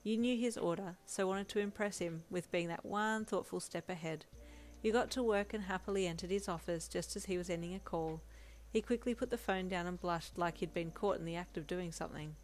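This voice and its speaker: A woman reading a fanfiction story aloud in steady, gentle second-person narration. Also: lowish voice, a little fast, a little hiss or hum. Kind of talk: scripted narration.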